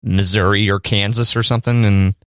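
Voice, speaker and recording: A man's voice: fairly low pitch, fairly even intonation, brisk, fairly bright tone, clean tone, no room sound, clean studio sound. A man co-hosting a casual podcast chat, joking and speaking directly to the listeners. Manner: playful, addresses listeners directly. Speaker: podcast co-host. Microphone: studio microphone.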